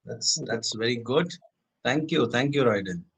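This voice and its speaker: A man's voice: medium pitch, expressive, unhurried, gravelly, fairly bright tone, slightly rough, rough recording. A man interviewing a student, asking questions in loose, hesitant phrasing.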